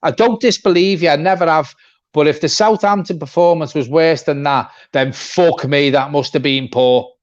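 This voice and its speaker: A man's voice: on the high side, normal speed. A man co-hosting a fan channel, giving a blunt, swearing, repetitive rant in a football reaction chat. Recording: dull lo-fi sound.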